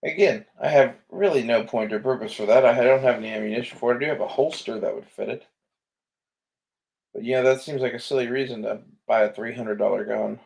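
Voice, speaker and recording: A man's voice: mid-range voice, fairly quick, creaky, darkish tone. A man giving casual, rambling commentary on gun listings, laid-back and sleepy, swearing often and trailing off with fillers. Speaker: gun vlogger browsing listings.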